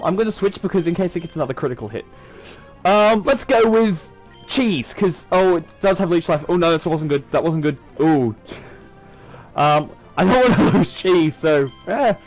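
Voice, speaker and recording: Male gamer narrating his playthrough, chatty and self-mocking, with a lively, bouncing pitch. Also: poor audio. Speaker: gaming YouTuber. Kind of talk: let's-play commentary.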